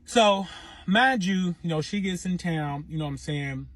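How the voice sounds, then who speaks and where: A young man, a reality TV personality, telling a profane, animated story in casual storytime style, often saying 'you know what I'm saying'. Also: sits high, moderate pace.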